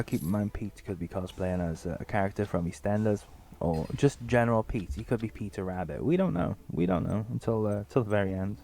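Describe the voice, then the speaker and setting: A man's voice: lowish voice, creaky, warm tone. A man giving a casual, sarcastic book review. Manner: joking and sarcastic, with many fillers.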